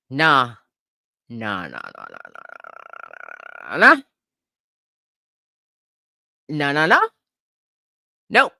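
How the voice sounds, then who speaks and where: Profane animated woman ranting. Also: fairly low pitch, no echo, clean studio sound. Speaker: podcast co-host. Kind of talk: casual comedic commentary.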